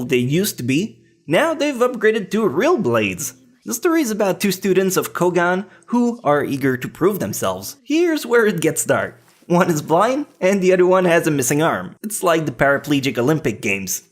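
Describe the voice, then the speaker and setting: A man's voice: a little high, big pitch swings, normal speed. A man hosting an anime countdown video, reading scripted commentary with joking asides and self-deprecating stumbles.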